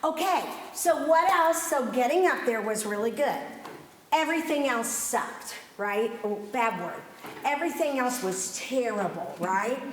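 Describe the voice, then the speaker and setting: A woman's voice: on the high side, lively intonation, measured pace, reverberant, slight background noise. A woman teaching an acting workshop to a group. She is chatty, playful and self-mocking, and she wears a microphone. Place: theater rehearsal space with a stage area. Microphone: wearing a microphone.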